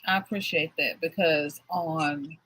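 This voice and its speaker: A woman host talks with a bright, forceful voice that carries some huskiness. She chats casually and affirms her guest, laughing now and then. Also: sits low, steady tone, measured pace, breathy edge, rough recording. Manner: warm, affirming, laughs often. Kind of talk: casual interview chat.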